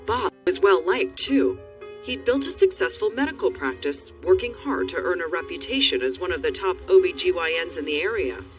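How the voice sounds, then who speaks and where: Documentary narrator, measured even delivery, mid pitch, distant mic, soft music underneath. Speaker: TV correspondent. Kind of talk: scripted documentary narration and interviewing.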